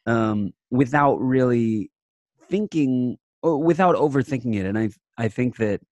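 A young adult man, an actor guest, chatting casually in a remote interview and telling animated stories in which he quotes himself. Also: mid-range voice, unhurried, no room sound. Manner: animated storyteller, quotes himself in lively bursts. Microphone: remote call mic.

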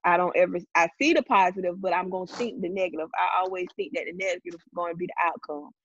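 Lower-voiced woman, thoughtful and reflective. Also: fast, no echo, lo-fi sound. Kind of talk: casual chat.

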